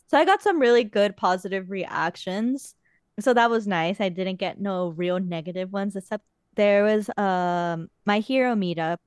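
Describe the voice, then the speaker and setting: A woman's voice: mid-range voice, moderate pace, smooth, no room sound, clean studio sound. A young woman on a podcast, casually telling stories in a chatty way with some swearing. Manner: chatty storytelling, frequent swearing. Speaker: podcast host. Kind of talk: casual chat.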